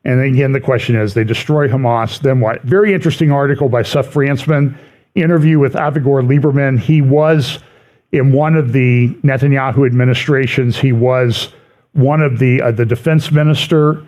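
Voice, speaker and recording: A middle-aged man speaks to his congregation in an easygoing, conversational way, reading quotations aloud and adding wry asides. His voice sits at an ordinary middle pitch. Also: steady tone, moderate pace, a little mellow. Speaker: prophecy teacher at a church. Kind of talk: church prophecy update talk.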